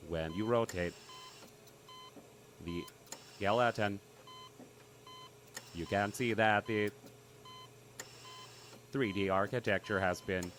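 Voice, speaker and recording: A man putting on a stiff, oddly pitched tutorial narrator who speaks slightly low and flat, step by step. Comedy sketch delivery, with a faint hiss behind the voice. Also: slow, pauses often. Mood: deadpan instructive. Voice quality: strange unnatural voice. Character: odd-voiced male tutorial host, flustered.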